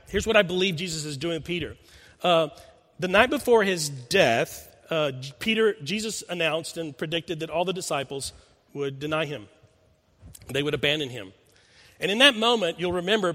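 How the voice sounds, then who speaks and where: A man's voice: fairly high pitch, a bit bright. A man preaching a sermon in a church, telling a story earnestly and asking his listeners questions. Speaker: pastor. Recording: long hall reverb.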